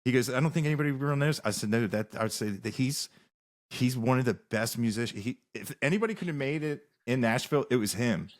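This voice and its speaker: A man's voice: mid-range voice, animated, quick pace. A man, a musician guest on a podcast, telling rambling stories in casual interview talk with many restarts.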